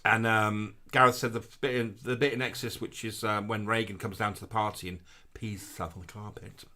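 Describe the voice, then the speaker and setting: A man's voice: fairly low pitch, flat delivery, brisk, sharp tone. A man co-hosting a live show, chatting casually and reading out viewer comments in a camp, gushing manner with sing-song greetings.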